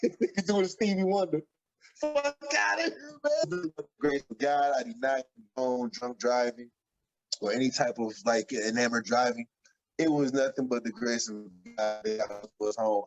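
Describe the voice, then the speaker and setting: A man, co-hosting a podcast and telling an animated story, acting out the quotes excitedly. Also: mid-range voice. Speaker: podcast co-host. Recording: dull lo-fi audio.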